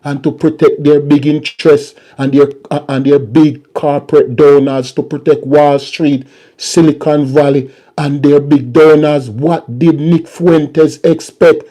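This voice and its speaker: A man's voice: mid-range voice, mellow. A man hosting a political commentary vlog and ranting in a mocking, repetitive way.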